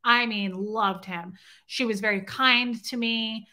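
An outspoken woman tells a story straight to camera in a bright, forceful voice. She talks indignantly, swears casually and keeps asking her viewers "right?" as she rambles along. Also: on the high side, steady tone, slow pace. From grew up in Scientology. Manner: rambling, loops back with "okay?" and "right?". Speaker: vlogger telling a personal story.

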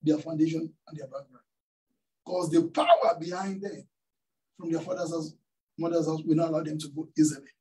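A pastor preaching in church, his voice fairly high-pitched but mellow and dark in tone. He tells a story and keeps throwing questions out to the congregation, and he sounds set back from the microphone. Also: steady tone, fairly quick, distant mic, low-quality recording. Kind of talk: sermon. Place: church hall.

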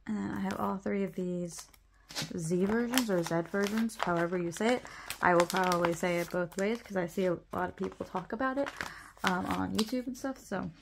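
A woman's voice: fairly low pitch, a little fast, vocal fry, background noise. A young woman chatting casually while sorting her photocards, rambling, laughing often and correcting herself. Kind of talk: casual chat.

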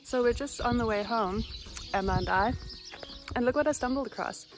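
A woman's voice: fairly high pitch, normal speed, soft background music. A woman walking outdoors through a rural village, chatting cheerfully to her camera in a casual vlog. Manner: cheerful, chatty, laughs often. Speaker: vlogger.

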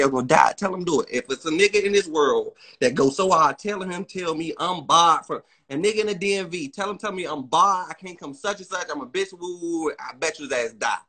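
A man in a heated, profane, boastful rant, swinging between loud outbursts and muttered asides. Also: high voice, breathy edge.

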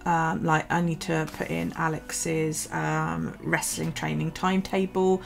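A woman's voice: low voice, little pitch movement, a little slow, creaky, faint music behind. A woman from the UK, chatting casually in her vlog, tired and yawning, rambling with many ums and restarts. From United Kingdom. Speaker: vlogger. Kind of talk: casual chat over a journaling video.

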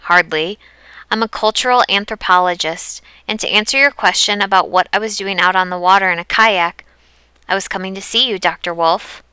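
A woman reading the lines of a calm, unflappable woman anthropologist who speaks easily and unbothered in an audiobook. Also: mid-range voice, moderate pace, smooth, no echo, lightly acted. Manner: easy, unbothered.

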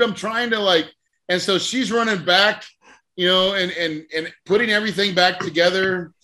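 A man with a bright, forceful voice pitched a bit high tells an animated story as a podcast host. He acts out each conversation as he goes and laughs often. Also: normal speed. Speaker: podcast host and real estate mentor. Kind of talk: lively storytelling in a podcast interview.

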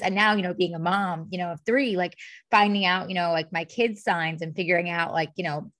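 A woman in her thirties hosts a podcast in a chatty, enthusiastic way, full of fillers. Her voice sits a bit low for a woman. The sound is close and dry. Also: steady tone, fairly quick, fairly bright tone, no echo. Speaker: podcast host. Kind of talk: casual podcast conversation.

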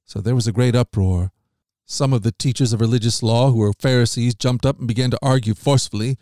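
A man reading Bible passages aloud as a podcast host, in a measured, steady manner that lifts slightly on quoted speech. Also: mid-range voice, no room sound, clean studio sound.

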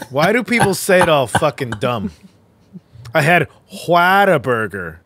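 A man's voice: fairly high pitch, very animated, takes it slowly, background noise. A man co-hosting a comedy podcast, ranting in an incredulous, profane way during casual banter. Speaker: comedian co-host.

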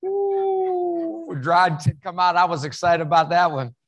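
A man's voice: fairly high pitch, fairly even intonation, brisk, a bit bright. A man from West Virginia with a Southern accent, giving a humorous motivational keynote at an event, folksy and full of jokes. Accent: Southern American. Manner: folksy, joking storyteller. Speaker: keynote speaker. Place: event hall.

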